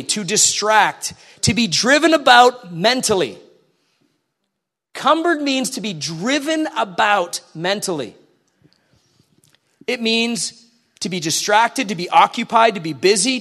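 A man's voice: sits high, a bit bright. A man preaching a conversational sermon in a church, asking the congregation questions as he goes.

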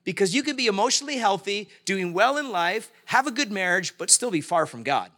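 A man in middle age delivers a sermon in a chatty, storytelling manner, acting out what people said. His voice sits a little high and sounds bright and forward. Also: big pitch swings, brisk. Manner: conversational preaching, acts out quoted voices. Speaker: pastor.

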